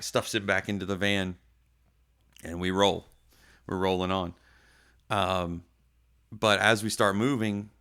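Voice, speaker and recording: A man, a podcast guest, telling a tour story in a casual, animated way and acting out the voices in it. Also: low voice, gravelly, clean tone. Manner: animated, acts out voices in his tale.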